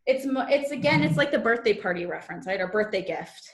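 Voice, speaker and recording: A woman's voice: medium pitch, animated, brisk. A woman coach teaching a live online masterclass over a video call, chatty and bubbly, acting out what people say to themselves. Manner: bubbly and chatty, acting out quoted inner voices. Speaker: manifestation and human design coach. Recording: roomy echo.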